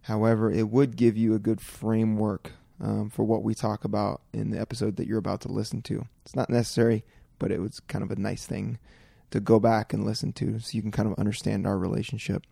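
A man's voice: lowish voice, level tone, fairly quick, gravelly, hardly any pauses, warm tone, slightly rough, no room sound, studio quality. A man hosting a podcast, talking loosely with an old friend and swearing freely. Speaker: podcast host. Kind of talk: casual conversation with a friend.

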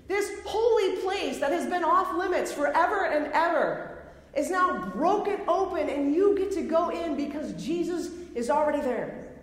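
A woman delivers a sermon with a high, bright-pitched voice, hammering points home by repeating them. Her voice rings through a large, very echoey hall with a long reverb tail. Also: animated, normal speed. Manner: emphatic, repeats phrases for effect. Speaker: preacher.

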